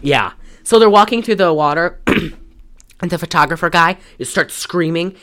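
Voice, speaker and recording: A woman casually recapping a film's plot on a podcast, telling it in an animated way with lots of "like.". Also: fairly low pitch, measured pace. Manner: animated storytelling, frequent "like". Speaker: podcast co-host. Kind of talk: casual film recap chat.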